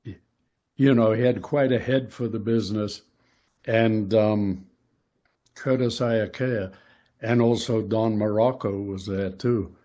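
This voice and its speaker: A man's voice: on the low side, fairly even intonation, slow pace, long pauses, mellow. An older man, a retired wrestler, telling road stories as an interview guest, rambling with many fillers. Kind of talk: casual storytelling interview.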